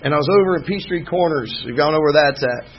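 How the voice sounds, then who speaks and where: A man's voice: fairly high pitch, quick pace, breathy edge, muffled recording. A middle-aged man, sharing his personal story from the podium of a recovery meeting with wry, folksy humor. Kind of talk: personal testimony talk. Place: meeting hall, speaking from a podium.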